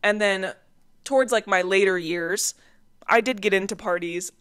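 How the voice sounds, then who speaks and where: A woman's voice: mid-range voice, normal speed, smooth. Chatty young woman telling dating stories. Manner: chatty, animated, laughs through stories. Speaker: podcast host. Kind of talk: casual storytelling.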